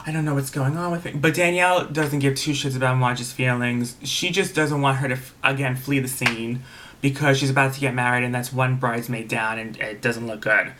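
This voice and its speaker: A man's voice: medium pitch, steady tone, moderate pace, pushed and bright, slight background noise. A man casually recapping a reality TV episode, chatty and gossipy, swearing freely and saying "like" a lot. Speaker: TV episode reviewer.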